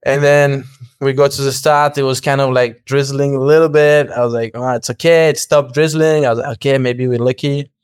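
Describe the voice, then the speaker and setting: Animated man telling a story. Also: medium pitch, brisk, smooth, dry recording, studio quality. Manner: animated, acts out quoted dialogue, laughs often, swears. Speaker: podcast guest. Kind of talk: casual storytelling.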